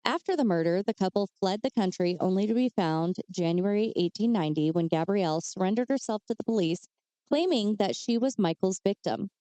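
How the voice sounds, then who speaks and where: A woman with a medium-pitched, mellow voice talks a little fast, with no room sound. Co-hosting a true crime podcast, she reads case details casually, full of chatty asides and fillers.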